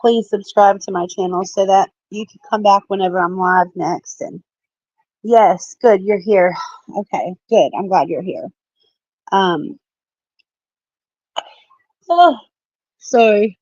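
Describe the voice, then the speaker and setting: A woman's voice: medium pitch, slow pace, pauses often, darkish tone, no echo, lo-fi sound. Chatty woman reading tarot on a live stream. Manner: chatty, apologetic, calls viewers babe and love. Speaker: tarot reader. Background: children heard in the background.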